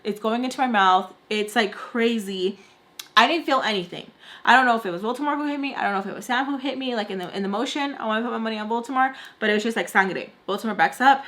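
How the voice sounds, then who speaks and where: A woman's voice: on the high side, fast. A young woman vlogger telling a storytime while doing her makeup, rambling with lots of "like" fillers and dropping in Spanish words. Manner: rambling, heavy "like" fillers, animated retelling. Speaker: beauty vlogger.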